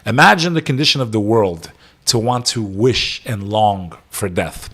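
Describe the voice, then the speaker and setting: A man's voice: fairly low pitch, expressive, a little slow, pushed and bright. A man, hosting a news reaction podcast, reading headlines aloud and breaking into profane, sarcastic rants.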